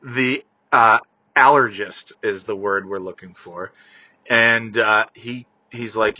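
A man rants to his camera while he drives, his bright, sharp voice full of profanity. He barks at other drivers and grumbles about his week. The sound is dull and lo-fi. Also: on the low side, takes it slowly, husky. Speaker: vlogger. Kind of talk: casual driving rant. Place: in a car while driving.

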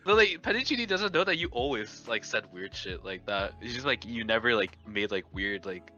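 A young man co-hosts a podcast over a dull, lo-fi voice call, and his tone comes through bright. He is exclamatory and casual, with bro and dude scattered through his talk. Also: medium pitch, animated, fairly quick, faint music behind. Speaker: podcast co-host. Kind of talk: casual chat.

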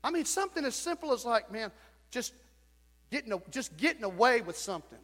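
High-voiced pastor, echoing sanctuary. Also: male voice, a little fast. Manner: folksy, animated preaching with sudden shouts. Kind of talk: sermon. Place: church sanctuary. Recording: church sanctuary with long reverb.

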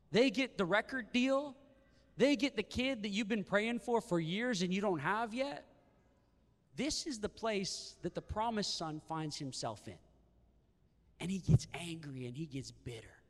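A man preaching a sermon, asking the room questions and acting out the lines of the people in the story. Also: sits high. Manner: animated, rhetorical questions, acts out the brothers' lines. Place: church sanctuary. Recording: reverberant church hall.

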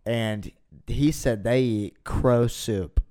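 Slow-talking guy on a podcast, deadpan sarcastic one-liners. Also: mid-range voice. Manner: wry, deadpan, sarcastic quips. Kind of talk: casual banter.

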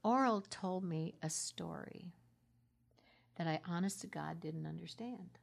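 A middle-aged woman minister telling her story in a heartfelt conversational way, sinking into a soft half-whisper at tender moments. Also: on the low side, a little slow, vocal fry.

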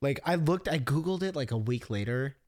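A man's voice: mid-range voice, fairly quick, dry recording. A young man in his twenties chatting casually, telling stories and acting out quotes with lots of swearing. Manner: animated storyteller, swears freely, acts out quotes. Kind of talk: casual chat.

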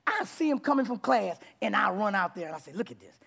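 A man preaching his testimony to a congregation in a church, with a rough, abrupt delivery that bursts into loud, excited passages. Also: high-pitched, quick pace. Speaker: guest preacher. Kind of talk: testimony sermon. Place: church sanctuary before a congregation.

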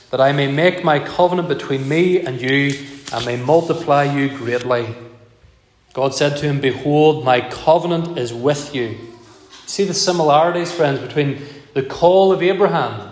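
Man preaching in an echoey hall. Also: fairly high pitch. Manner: measured, emphatic preaching with repeated phrases. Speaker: pastor. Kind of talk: sermon. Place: church. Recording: echoey church hall, long reverb.

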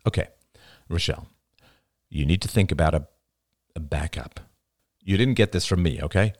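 A man reading the lines of a blunt, guarded man with grim views, in a flat, terse manner. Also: deep voice, moderate pace, dry recording, studio quality. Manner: flat, terse, matter-of-fact. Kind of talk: audiobook character reading.

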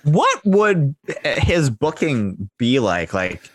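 Male podcast co-host, jokey with lots of fillers, mid pitch, dry close mic. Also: drawn-out words, dry recording. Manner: animated and jokey, hesitant fillers. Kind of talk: casual chat.

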